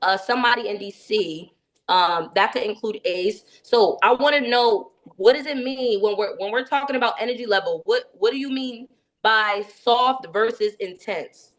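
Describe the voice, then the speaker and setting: A woman leading a sales training session, coaching in a lively way and checking in with her listeners again and again. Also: a little high, moderate pace.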